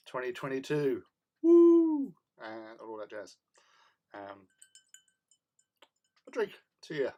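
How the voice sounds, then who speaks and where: Brief: man, stream host, mid-pitched, easygoing rambling chat full of ums, greets viewers by name. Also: slow pace, pauses often. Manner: rambling, chatty, many ums and soft laughs. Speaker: hobby livestream host. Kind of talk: casual livestream chat. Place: home hobby desk, painting a model.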